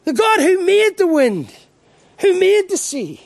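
Irish man preaching, lively swooping pitch, dry close sound, emphatic with rhetorical questions. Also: unhurried, vocal fry, no echo. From Ireland. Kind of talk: sermon.

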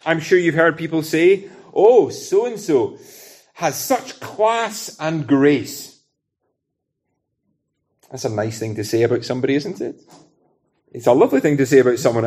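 A man's voice: on the high side, darkish tone, slightly rough. A man from Britain preaching a sermon in an earnest, conversational way, using everyday illustrations.

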